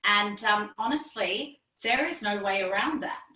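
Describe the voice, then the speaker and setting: A woman vocal teacher explaining singing technique as a podcast guest, lively, demonstrating with her voice and laughing often. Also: mid-range voice, a little slow, recorded from a distance. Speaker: vocal pedagogy specialist, guest. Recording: echoey room, a bit off-mic.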